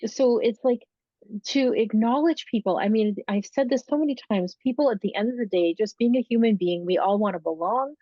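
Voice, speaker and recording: A woman's voice: fairly high pitch, brisk, no room sound, muffled recording. A woman co-hosting a podcast, speaking earnestly and emphatically over a video call. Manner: earnest, emphatic, stubborn-sounding. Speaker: podcast co-host. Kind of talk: casual conversational talk.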